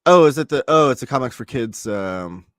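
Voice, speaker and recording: A man in his thirties hosting a live stream from home, chatting casually and reading out viewer comments in a relaxed, rambling way. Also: mid-range voice, normal speed, dry recording, studio quality. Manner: relaxed, rambling, reads chat messages aloud. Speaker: host. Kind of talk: casual livestream chat.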